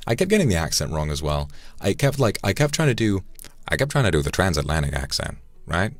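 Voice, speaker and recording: A male streamer with an extremely low, deep voice talks casually on a live stream. He muses out loud and stops to thank viewers by name. Soft music plays faintly behind him. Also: very animated, quick pace, no echo. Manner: reflective, thanks viewers by name between musings. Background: faint background music.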